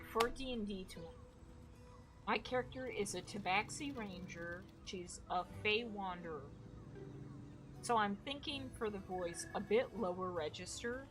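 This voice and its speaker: A woman streaming a video game, chatting excitedly with a co-player and viewers, swearing now and then. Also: lowish voice. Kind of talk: casual gaming stream chat. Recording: game music behind.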